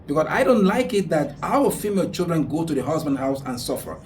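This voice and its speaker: A man's voice: fairly high pitch, big pitch swings, fairly quick, a little mellow, distant mic, a little hiss or hum. A man hosting a radio talk show and giving earnest religious advice, repeating his points for emphasis. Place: radio studio.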